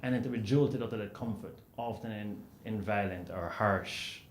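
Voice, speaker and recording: A man with a Jamaican accent tells stories at a panel, in a rather low voice with an animated, filler-laden delivery. His voice sounds roomy, as though heard in a hall, over a faint background hiss. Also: normal speed. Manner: animated storyteller, frequent "you know" fillers. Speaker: panelist author. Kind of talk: anecdotal storytelling on a panel. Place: event hall at a book festival panel.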